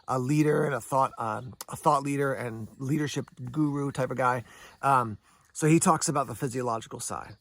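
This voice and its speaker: A man's voice: medium pitch, dry recording. Man explaining survival breathing, dry close sound. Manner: conversational, explains step by step, answers imagined questions. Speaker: survival channel host. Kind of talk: casual instructional talk to camera.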